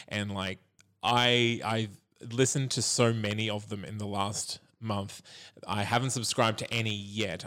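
Rambling, apologetic man. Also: on the low side. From Australia. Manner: self-deprecating, apologetic, rambling. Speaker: podcast co-host. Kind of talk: casual chat.

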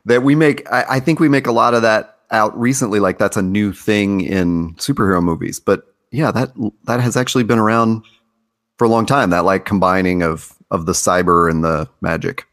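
A man's voice: lowish voice, normal speed, fairly bright tone. A man in a casual chat, chiming in thoughtfully and agreeably.

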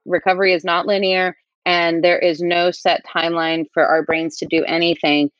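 A woman's voice: on the low side, flat delivery, moderate pace, dry recording, lo-fi sound. A woman co-hosting a podcast, talking in an earnest, encouraging and reflective way. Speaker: podcast co-host. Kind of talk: casual podcast chat.

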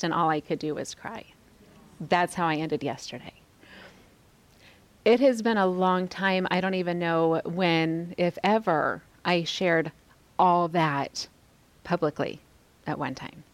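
A woman in her forties, a podcast host, reflectively sharing a personal faith testimony with a women's group, often pausing and dropping to a hushed near-whisper. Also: fairly low pitch. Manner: reflective, soft-spoken, pauses often.

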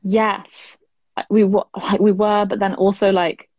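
A woman's voice: mid-range voice, little pitch movement, measured pace, a little mellow, no room sound, dull audio. A woman, chatting as an interview guest. She fills her talk with "like" and laughs often. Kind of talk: casual interview chat.

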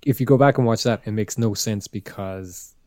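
A man's voice: lowish voice, normal speed, darkish tone, no room sound, studio quality. A man in casual podcast talk, blunt, swearing, often restarting his sentences. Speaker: podcast co-host. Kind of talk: casual chat.

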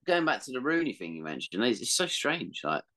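A man co-hosting a football podcast, chatting casually and expressively, with some swearing. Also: brisk. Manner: expressive, swearing, swings up and down in pitch. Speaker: podcast co-host.

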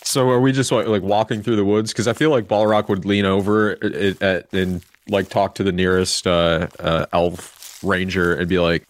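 A man playing a tabletop role-playing game, talking in a slangy, rambling, relaxed way. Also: low voice, moderate pace. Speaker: player.

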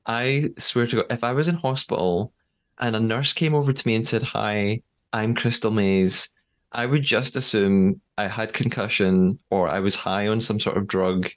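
A man with a fairly low voice hosts a podcast in a loose, chatty way. He laughs easily and fills pauses with "uh" and "um". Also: fairly even intonation. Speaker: podcast host. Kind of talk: casual podcast chat.

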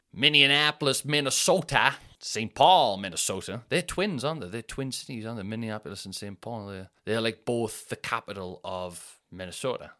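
Speaking alone in a lowish, sharp voice, a Northern English man hosts his own podcast. His casual chat wanders, includes swearing, and is full of self-mockery.

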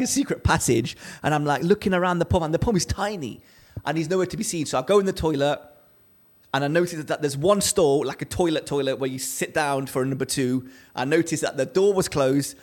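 A man co-hosting a podcast, telling a story in casual chat and acting out the quotes with lively energy. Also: fairly high pitch. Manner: animated storyteller, acts out quotes. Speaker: podcast co-host.

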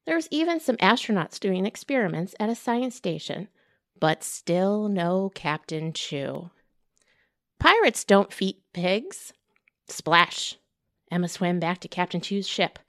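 A woman, a children's librarian, reading a picture book aloud with playful shouts and whispers. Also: on the low side, expressive, measured pace, no echo, studio quality. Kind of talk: storytime read-aloud with character voices.

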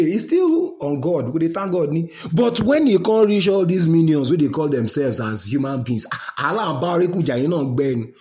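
A middle-aged man with a Nigerian accent in a casual, mocking rant, laughing as he talks to his listeners. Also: fairly high pitch. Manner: mocking, animated, laughs while talking. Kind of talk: casual rant in pidgin and English.

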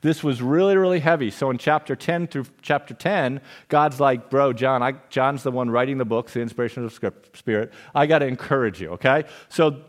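Man, pastor, sermon, conversational, playful asides, middle pitch. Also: fairly quick, few pauses. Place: church.

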